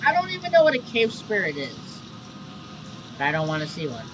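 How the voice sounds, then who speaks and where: A man's voice: high-pitched, wildly swooping pitch, a little fast, over music. A young man hosting a reaction video, talking casually and incredulously, swearing often and breaking off to rant over the clip.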